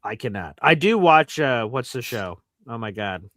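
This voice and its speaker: A man's voice: medium pitch, normal speed, dry recording, studio quality. A man hosting a casual sports chat show, rambling and telling stories with lots of fillers. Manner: rambling, animated storytelling with fillers. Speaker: host.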